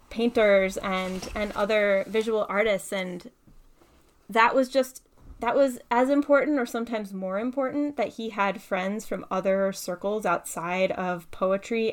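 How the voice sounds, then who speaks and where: A woman poet talking casually and thoughtfully about writing, often saying "like" and "right". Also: fairly high pitch. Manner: thoughtful, uses many fillers like "like" and "right". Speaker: poet and guest speaker. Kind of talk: casual conversational talk with poetry reading.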